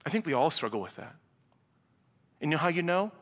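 A man preaching a sermon to a live congregation, animated, acting out dialogue and swinging from loud to hushed. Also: on the high side, brisk. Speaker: pastor. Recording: reverberant hall sound.

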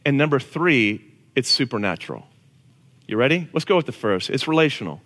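A man preaching a casual, animated sermon to a congregation. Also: mid-range voice, brisk. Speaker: pastor. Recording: long reverb of a large hall.

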